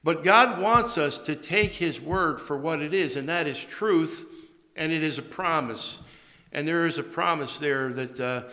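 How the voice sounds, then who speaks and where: A male pastor giving a morning sermon, speaking haltingly with many fillers and restarts. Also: a little high, pushed and bright. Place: church sanctuary. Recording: long reverb of a large church.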